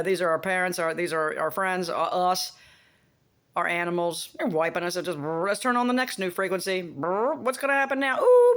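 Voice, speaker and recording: A woman's voice: lowish voice, fairly bright tone. A woman talking in a casual, rambling monologue, blunt and profane, often making buzzing sound effects. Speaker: vlogger.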